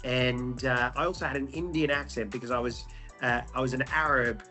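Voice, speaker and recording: A man's voice: medium pitch, fairly even intonation, fairly quick, sharp tone. Young aussie guy chatting in an interview, jokey, lots of ums, faint music behind. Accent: Australian. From Australia. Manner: jokey, many ums and restarts. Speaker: interview guest. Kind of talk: casual interview storytelling.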